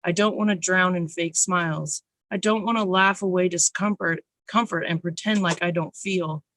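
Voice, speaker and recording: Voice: medium pitch, fairly even intonation, moderate pace, a bit bright, dry recording. Nervous first-timer reading spoken word poems, raw and intense, dry close sound. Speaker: open mic poet.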